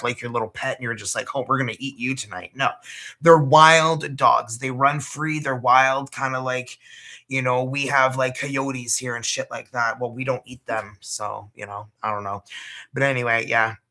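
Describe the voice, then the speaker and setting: A woman's voice: extremely low pitch, bright, forceful tone. A Canadian woman hosting a casual livestream, chatty and loose, swearing and laughing as she talks. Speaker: tarot reader hosting a livestream.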